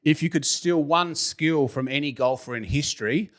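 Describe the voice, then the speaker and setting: An Australian man hosts a relaxed podcast interview. He jokes and laughs often as he runs through quick-fire questions in a casual, chatty way. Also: a little high. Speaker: podcast host.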